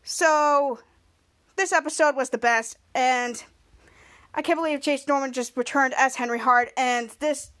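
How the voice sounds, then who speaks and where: A woman hosting a podcast, recapping an episode in a gushing, excitable way with lots of fillers. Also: high-pitched, a little slow. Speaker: podcast host. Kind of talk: casual recap.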